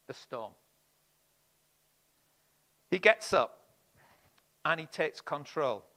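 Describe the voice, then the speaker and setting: A man preaching a sermon, expressive, swinging between loud emphasis and hushed lines. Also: fairly high pitch.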